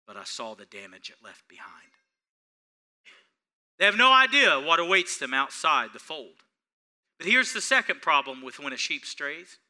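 High, bright-voiced preaching pastor. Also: male voice. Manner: preaching with big swings between hushed and loud. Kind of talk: sermon.

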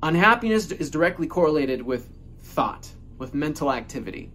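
A man's voice: on the high side, big pitch swings, moderate pace, a bit bright, slight background noise. A man delivering a casual motivational monologue as a self-help speaker, emphatic and repetitive, swearing freely.

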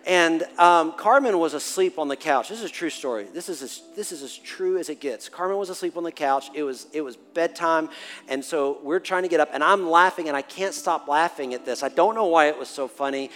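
A man in his forties preaching a sermon and telling a family story, animated, swinging from hushed to loud and laughing. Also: on the high side, brisk. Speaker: pastor. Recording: long hall reverb with faint music.

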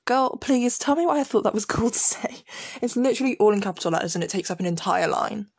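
A young woman chats casually and laughs at herself as she talks. Her voice carries a gravelly fry at the ends of phrases. The recording is close and dry, with no room sound. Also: medium pitch, fast talker, no echo. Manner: giggly, self-mocking, animated. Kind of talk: casual chat, reading from an old diary.

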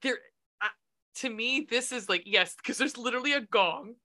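A woman's voice: fairly high pitch, normal speed, sharp tone. A woman co-hosting a podcast, recapping a movie in casual chat, swearing freely and laughing often. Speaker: podcast co-host.

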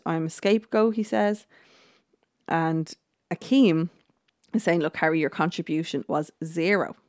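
A woman hosting a podcast, giving a casual, chatty recap of a TV episode and often filling pauses with "look" and "um". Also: lowish voice, darkish tone, no room sound, clean studio sound. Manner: chatty retelling full of "look" and "um". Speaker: podcast host.

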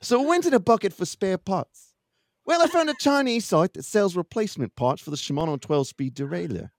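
A man's voice: high-pitched, animated, extremely slow, bright, forceful tone, dry recording, clean studio sound, pitched above the performer's own voice, heavily acted. A man reading a listener's story aloud in a hammy put-on accent. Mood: jokey.

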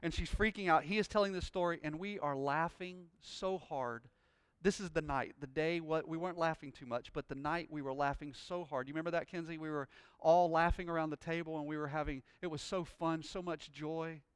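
A man preaching a sermon, telling a personal story and rising into loud, joyful praise. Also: fairly high pitch, fairly even intonation, brisk, hardly any pauses, clear, resonant tone, no room sound. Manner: exuberant, shouting praise. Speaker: pastor.

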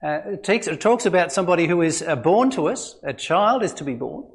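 Brief: Australian male pastor, slightly high voice, chatty sermon delivery, full of ums and restarts. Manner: conversational preaching with many fillers and restarts. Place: church.

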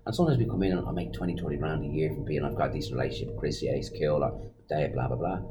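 A man in his forties with an Irish accent, a podcast guest telling a story in an animated way and acting out what others said. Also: a bass voice. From Ireland. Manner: animated storyteller, acts out quoted lines. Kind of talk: casual storytelling interview. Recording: noisy background hiss.

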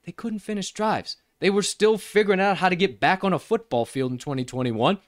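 Male betting show host, mid-pitch, dry close mic, loud-to-quiet hype delivery. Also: brisk, dry recording. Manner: hype-filled, swearing, big swings in pitch and volume. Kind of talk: casual sports betting podcast talk.

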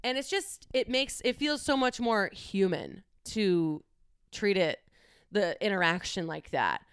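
A woman's voice: mid-range voice, lively intonation, a little slow, clean tone, no room sound, clean studio sound. A young woman talking candidly on her own, chatty and casual, with frequent swearing. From United States. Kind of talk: casual solo monologue.

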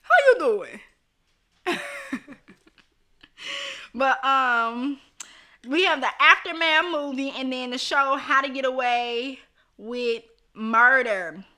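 A woman with a high, very bright voice hosts a casual live stream. She chats straight to her viewers, reads out their comments and laughs easily. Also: takes it slowly. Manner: chatty, laughs often, talks straight to viewers.

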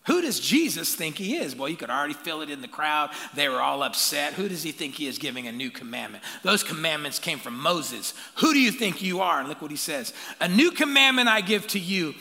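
A man preaching in a large hall, his voice high and gravelly, with a bright, forceful edge. He is an animated pastor who calls out to the crowd and drops playful asides. His words ring with a long hall echo. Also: brisk, few pauses. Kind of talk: sermon.

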